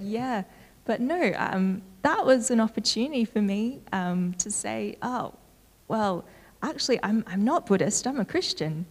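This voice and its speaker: A woman giving a church talk in a relaxed, conversational storytelling way with frequent fillers. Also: a little high. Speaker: church speaker. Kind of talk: sermon. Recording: reverberant hall.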